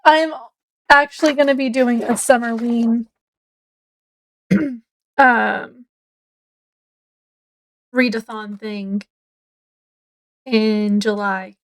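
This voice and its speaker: Chatty high-voiced woman. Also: fairly even intonation, extremely slow, long pauses. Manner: rambling, chatty, many fillers. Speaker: book vlogger. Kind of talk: casual chat to camera. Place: home, indoors.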